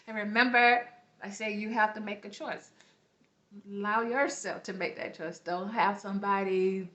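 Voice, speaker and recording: A woman with a light accent gives earnest spiritual advice, repeating her points and checking in with listeners as she goes. Her voice sits at a middle pitch. The sound is roomy and dull, like a lo-fi home recording. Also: fairly bright tone. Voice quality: light accent, self-noted. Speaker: spiritual vlogger. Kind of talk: casual spiritual teaching to camera.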